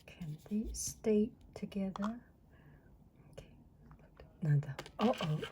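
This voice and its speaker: Slow, half-whispering woman. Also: medium pitch, rough recording. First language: Mandarin Chinese. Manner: soft, often half-whispered, excited exclamations. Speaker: teacher. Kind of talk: unboxing vlog. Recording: clicking noise in the background.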